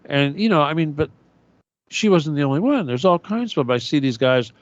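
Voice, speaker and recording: A man's voice: on the high side, lively intonation, fairly quick, no room sound, dull audio. A man hosting his own radio show, delivering a profane, sarcastic conspiratorial monologue. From United States.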